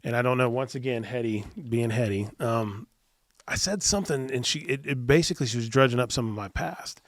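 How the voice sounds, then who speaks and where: A man's voice: mid-range voice, brisk, dry recording. A man, a podcast guest, earnestly telling a personal story in a casual interview, often restarting and repeating words. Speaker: podcast guest, youth minister.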